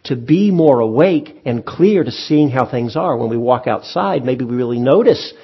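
A man teaching meditation to a group, speaking in a relaxed, conversational way with frequent pauses and restarts. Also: medium pitch, creaky, slightly rough, muffled recording. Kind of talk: dharma talk. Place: meditation hall with audience.

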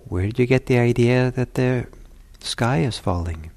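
A man voicing a great male lion in a fable, calm, wise and commanding, asking steady questions. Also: medium pitch, unhurried, pitched above the performer's own voice, natural voice.

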